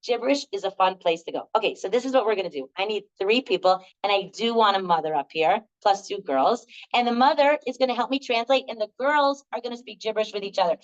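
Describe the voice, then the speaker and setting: A woman's voice: medium pitch, fast talker, few pauses. A middle-aged woman leading a live group workshop, telling stories in a chatty way with many fillers. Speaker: workshop leader. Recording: dull lo-fi recording.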